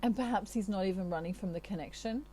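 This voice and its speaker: A woman's voice: mid-range voice, fast talker, mellow, a little hiss or hum, rough recording. A woman from Australia giving a channelled tarot reading in a chatty, reassuring way, with many asides. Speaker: tarot reader.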